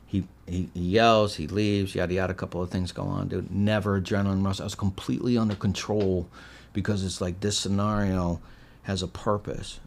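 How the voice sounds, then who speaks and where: A middle-aged man from Michigan, a podcast guest telling a story in a casual, animated way and acting out the quotes. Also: deep voice, brisk, slight background noise. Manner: animated storyteller, acts out quotes with swings in loudness.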